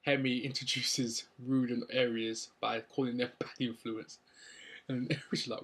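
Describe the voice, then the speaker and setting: A man's voice: medium pitch, level tone, moderate pace, fairly bright tone, breathy edge. Rambling young London man. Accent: London English. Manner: rambling, upbeat, many ums and likes. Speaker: wrestling show reviewer. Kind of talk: casual spoken recap.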